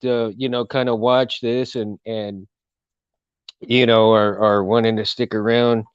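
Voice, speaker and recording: Guy rambling on his stream, kinda monotone, lotsa uhs, dry muffled mic. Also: on the low side, a little slow, clear, resonant tone, dry recording. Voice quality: self-described monotone. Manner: rambling, full of fillers and restarts. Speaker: live stream host. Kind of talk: casual live-stream chat.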